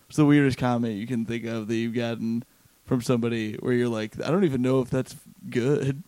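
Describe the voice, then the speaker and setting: A man's voice: medium pitch, fairly even intonation, brisk, dark tone, dry recording. A man chatting casually as a comedian and podcast host, laid-back and tired, laughing often and swearing. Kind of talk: casual chat.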